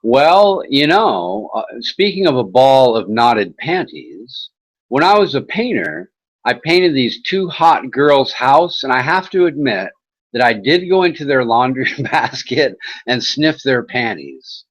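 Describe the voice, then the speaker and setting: A man's voice: mid-range voice, big pitch swings, measured pace, rough recording. A man hosting an internet talk show, chatting in a casual, rambling way with mocking sarcasm and swearing.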